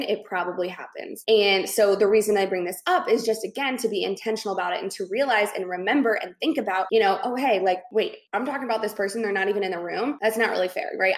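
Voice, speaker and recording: A woman's voice: medium pitch, echoey room. A woman hosting a casual solo podcast, talking bluntly with lots of "like" fillers and the odd swear word. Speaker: podcast host.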